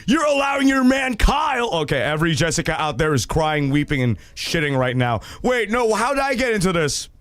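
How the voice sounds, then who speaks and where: A man hosting a casual livestream, reading viewer stories in an animated, profane way with loud laughter. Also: on the high side, brisk, few pauses. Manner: animated and profane, laughing loudly, acting out quoted voices.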